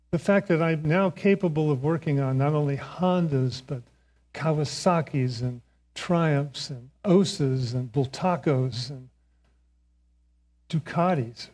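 An older man giving a reflective talk, telling a personal story in a relaxed way and chuckling now and then. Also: fairly high pitch. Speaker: speaker.

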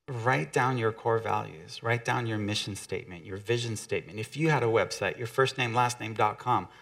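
A man's voice: medium pitch, creaky, a bit bright. A man giving a conversational motivational talk to an audience, often acting out quotes from other people.

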